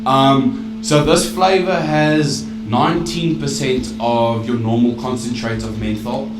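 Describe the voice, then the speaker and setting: A man, hosting a casual podcast and chatting in a relaxed, hesitant way, swearing freely. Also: medium pitch, slow pace, heavy background noise. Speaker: vape shop owner and podcast host. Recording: roomy live recording from a distance, loud music behind.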